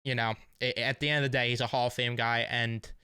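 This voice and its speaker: A man's voice: medium pitch, flat delivery, fast talker, bright, forceful tone, smooth, no room sound, clean studio sound. A young man hosting a sports fan vlog, talking in a casual, emotional, rambling way full of fillers. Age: young adult. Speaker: sports fan channel host.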